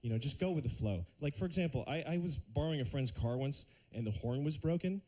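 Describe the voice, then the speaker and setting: A man doing a stand-up routine on a TV studio stage, lively and slipping into silly put-on voices. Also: medium pitch, fast talker. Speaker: stand-up comedian.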